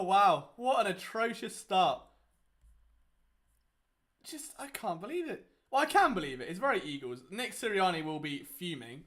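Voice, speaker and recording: A young man talks through a live game as he watches, sarcastic and exasperated. He swings from loud outbursts to low mutters. His speaking voice sits fairly high for a man. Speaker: sports watchalong host.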